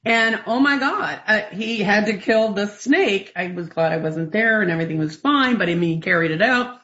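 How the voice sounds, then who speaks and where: A woman's voice: medium pitch, moderate pace. Chatty woman telling stories on radio. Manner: rambling, animated, laughs often. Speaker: radio show co-host. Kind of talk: casual storytelling on radio. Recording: dull lo-fi radio broadcast.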